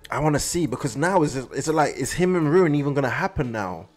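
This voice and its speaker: A man hosting an anime reaction video, talking in an excitable, slangy way straight to his viewers. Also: on the high side, quick pace, faint music behind. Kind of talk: casual reaction commentary.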